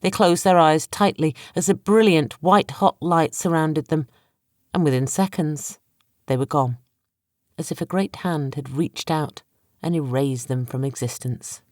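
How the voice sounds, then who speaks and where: A woman's voice: deep voice, unhurried, a little mellow, no room sound, studio quality. Woman narrating a dramatic audiobook. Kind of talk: scripted narration.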